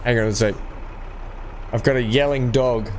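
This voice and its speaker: A man's voice: mid-range voice, steady tone, moderate pace, slight background noise. A young man hosting a farming game livestream, chatting with viewers and laughing often. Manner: chatty, laughs often while reading chat. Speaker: gaming livestream host. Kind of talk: casual chat with live viewers.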